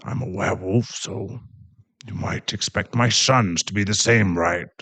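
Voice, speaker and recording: A man's voice: low-pitched, measured pace, a bit bright. A man playing an awkward werewolf dad. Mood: sheepish. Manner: joking, rambling, sheepish. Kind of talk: audio role-play.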